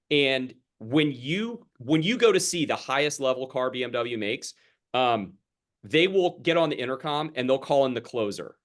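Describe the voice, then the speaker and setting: A young man coaching a sales team over a video call, chatty and casual, acting out exchanges with customers. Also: medium pitch. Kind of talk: sales training talk on a group video call.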